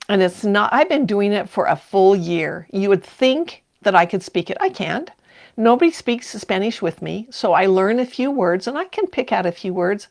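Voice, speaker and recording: Older woman, livestream host, gravelly touch, chatty and quick to laugh. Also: medium pitch. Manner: chatty, laughs often, reads viewer comments aloud. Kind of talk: casual live-stream chat.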